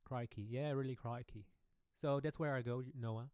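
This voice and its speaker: A man, a pianist casually answering questions on his own live stream Q&A, relaxed and rambling. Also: medium pitch, moderate pace, smooth, no room sound, studio quality. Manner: relaxed, rambling, chuckling asides. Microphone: studio microphone.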